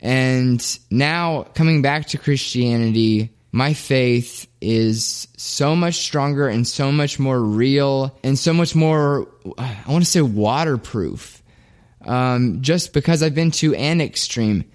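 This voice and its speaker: A man hosts his own show and comments on a clip in a relaxed, chatty manner. His voice sits in an ordinary middle range. He often breaks off for self-deprecating asides. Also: mid-range voice, slow pace, smooth. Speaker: podcast host. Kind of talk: casual commentary.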